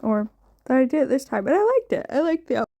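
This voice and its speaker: Tired rambling young woman, gravelly voice. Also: high-pitched, big pitch swings, fast, mellow, no echo. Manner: rambling, unsure, many "like" fillers. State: tired, yawning. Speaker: hair dye vlogger. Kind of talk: casual voice-over chat.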